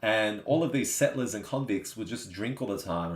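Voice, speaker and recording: An Australian man hosts a live stream and chats casually with his viewers. His voice sits low, and he keeps asking "you know what I mean?" The room around him is echoey. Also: expressive, fairly quick, hardly any pauses. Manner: chatty, laid-back, says "you know what I mean" often.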